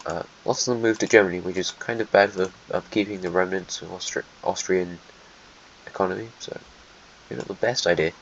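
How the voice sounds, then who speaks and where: Lowish guy narrating a map, sarcastic and offhand, dull mic, faint hiss, keys clicking behind. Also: steady tone, brisk, vocal fry. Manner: offhand, sarcastic, mutters asides while drawing. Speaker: alternate history narrator. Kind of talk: casual map-drawing narration.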